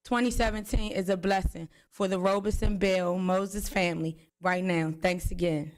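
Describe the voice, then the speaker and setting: A woman's voice: medium pitch, fairly even intonation, normal speed, background noise. A woman, the victim's sister, giving grateful thanks and introducing her family at a press conference.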